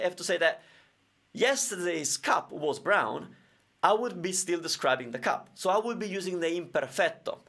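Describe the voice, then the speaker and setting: A man's voice: on the high side, fairly bright tone. A man with Italian as his first language, teaching grammar in a live-streamed question and answer lesson, explaining with everyday examples.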